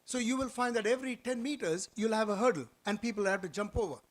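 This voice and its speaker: A man giving a lively motivational orientation talk in an auditorium, quizzing the audience and telling stories. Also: high-pitched, fast. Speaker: orientation speaker.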